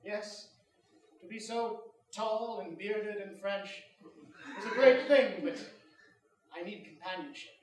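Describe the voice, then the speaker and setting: A man's voice: high-pitched, slow, pauses often. A man playing a haughty lonely Charlemagne. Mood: yearning. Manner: pompous, aloof. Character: tall bearded French male king, lonely and haughty. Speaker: improv comedian. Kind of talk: live improv scene. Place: small improv theater stage. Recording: roomy live theater, mic from far off. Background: audience laughter.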